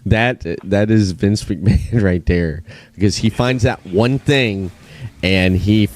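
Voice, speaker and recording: A man's voice: lowish voice, takes it slowly, a little mellow, no room sound. A man hosting a podcast in casual wrestling chat, easygoing, laughing often and repeating his phrases. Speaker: podcast host.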